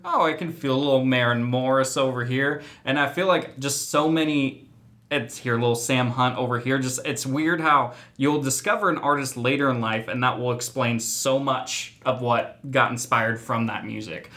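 A man's voice: medium pitch, bright, forceful tone. A young man, a radio show host, rambling in casual chat with nerdy enthusiasm.

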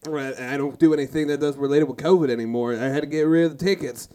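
A man's voice: a little high, quick pace, warm tone, smooth. A man co-hosting a casual podcast, joking and laughing often. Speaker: podcast co-host. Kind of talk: casual chat.

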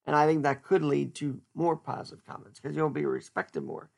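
A man's voice: a little high, very animated, normal speed, vocal fry, darkish tone. A man hosting a podcast, chatting casually and joking as he thinks aloud, often restarting his words. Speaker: podcast host. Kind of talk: casual solo podcast chat.

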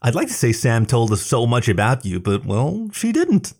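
A man voicing a nosy, flustered raccoon woman in a high, prim voice. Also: wildly swooping pitch, moderate pace, darkish tone. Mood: surprised.

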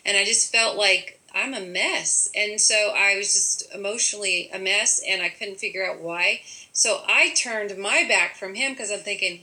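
A woman telling a personal story in a frank, animated way, acting out her own thoughts as she goes. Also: mid-range voice, moderate pace, low-quality recording. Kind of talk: casual storytelling.

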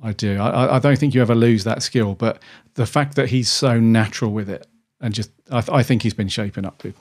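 A man's voice: medium pitch, brisk. A man co-hosting a podcast, chatting casually and rambling with restarts. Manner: rambling, with many restarts and "dude". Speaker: podcast co-host. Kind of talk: casual chat.

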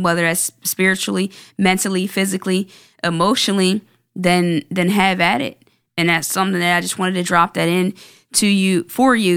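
Low-voiced earnest young woman, podcast host. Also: a bit bright, clean tone, no room sound, studio quality. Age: 20s. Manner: earnest, halting, with many restarts and repeated words. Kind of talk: reflective solo podcast talk.

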